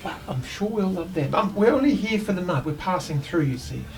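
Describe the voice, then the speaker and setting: A man's voice: high voice, lively intonation, a little fast, a little mellow, recorded from a distance, soft background music. A man doing a suave elf showman. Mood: smooth.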